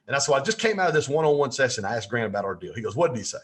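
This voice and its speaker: Folksy man, animated anecdote teller, average-pitched voice. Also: racing, few pauses. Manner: lively anecdotal storyteller, folksy asides. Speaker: podcast guest. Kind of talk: storytelling in a podcast interview.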